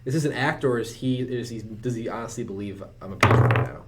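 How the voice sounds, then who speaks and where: A man's voice: medium pitch, fast talker. Brash man at a tabletop game. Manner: brash, swears casually. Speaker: player. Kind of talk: casual tabletop play.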